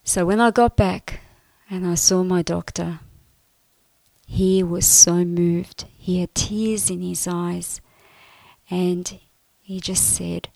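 A woman telling her personal faith testimony in an earnest, emotional way, often dropping to a soft, breathy voice. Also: on the low side, fairly even intonation, takes it slowly, no echo.

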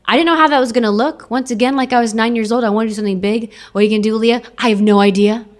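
A woman's voice: a little high, steady tone, racing. A young adult woman giving an emotional personal testimony to an audience, repeating phrases for emphasis.

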